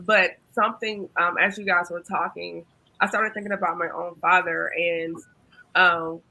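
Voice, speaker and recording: Bright, husky-voiced woman hosting a panel. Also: lowish voice, poor audio. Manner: earnest, storytelling with many ums and restarts. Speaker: host and facilitator. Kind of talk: candid panel discussion.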